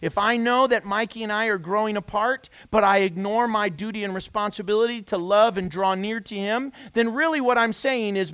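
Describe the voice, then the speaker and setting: A man's voice: sits high, normal speed, hardly any pauses, a bit bright, clear, resonant tone. A man preaching a sermon as pastor, pressing his listeners with repeated rhetorical questions.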